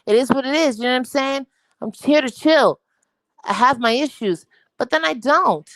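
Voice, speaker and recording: Brash young New York woman, crude rambling talker, higher voice, dry close sound. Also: animated, moderate pace, no room sound, rough recording. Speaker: livestream guest. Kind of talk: casual livestream chat.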